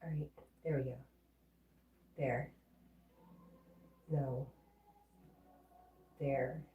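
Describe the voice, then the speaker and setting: A woman's voice: extremely low pitch, fairly even intonation, extremely slow, echoey room, recorded from a distance, phone-quality sound. A woman hosting a casual livestream, chatting with viewers in a playful, teasing way. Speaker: livestream host. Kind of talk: casual live chat.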